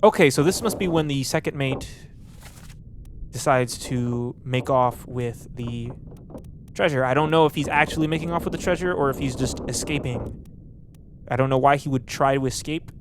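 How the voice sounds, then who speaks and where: A young man talks through a game as he plays, rambling and thinking out loud, stumbling over restarts and fillers. His voice sits in a middle pitch, and clear noise hums under the recording. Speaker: gameplay commentator. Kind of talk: casual let's play commentary.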